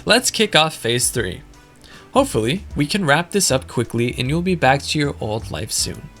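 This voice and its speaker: A wry game organizer, read by a man in his own voice, dry and teasing. His voice is bright and a touch high. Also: very animated, normal speed, faint music behind.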